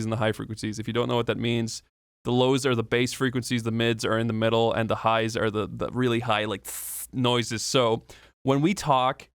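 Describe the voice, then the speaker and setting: A man's voice: medium pitch, no echo, clean studio sound. A man talking through an audio tutorial in a loose, casual way, explaining each step with fillers and the odd swear.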